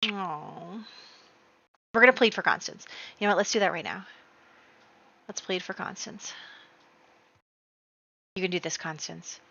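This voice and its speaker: A woman hosting a casual gameplay video, excitable and full of exclamations as she talks to her viewers. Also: fairly low pitch, a little slow, creaky, long pauses, husky, lo-fi sound. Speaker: let's play host.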